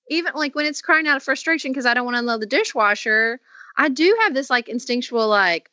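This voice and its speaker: A woman hosting a podcast in casual conversation, expressive and animated as she acts out her own reactions. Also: high-pitched, fast talker, dry recording. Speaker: podcast host. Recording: dry, dull lo-fi sound.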